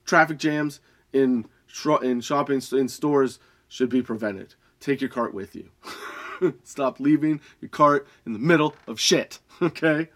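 A young adult man, high and laughing often, reading odd facts and ranting with a lot of swearing. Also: unhurried, fairly bright tone. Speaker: podcast host. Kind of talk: casual stoned rant.

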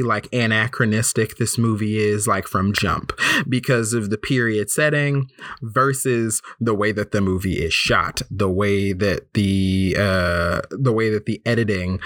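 Podcast host, male, bright and forceful tone, dry close sound, rambling casual delivery. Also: medium pitch, no echo. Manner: rambling, profane, hesitant restarts. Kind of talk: casual movie review chat.

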